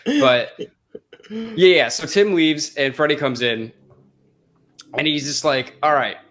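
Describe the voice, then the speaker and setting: A man from the United States talks casually as a podcast co-host. His voice sits a little higher than most men's. He is loose and joking, with frequent swearing. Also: slow, fairly bright tone.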